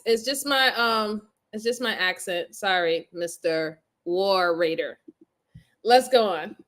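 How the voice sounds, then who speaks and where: A woman's voice: medium pitch, takes it slowly, a bit bright. A woman hosting a live stream, casually commenting on crime footage and reading viewer comments aloud with frequent laughter.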